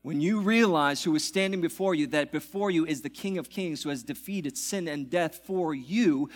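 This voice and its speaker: A man preaching a sermon as pastor, swinging from loud, excited passages to hushed, reverent ones. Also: on the high side, normal speed, few pauses.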